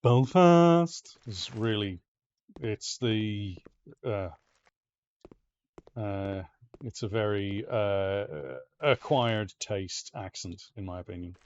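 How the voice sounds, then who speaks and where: A man's voice: on the low side, steady tone, slow, dull audio, slight background noise. A man with an Ulster Scots accent giving casual let's-play commentary, chatty and muttering to himself, now and then swearing. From Northern Ireland. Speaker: game streamer.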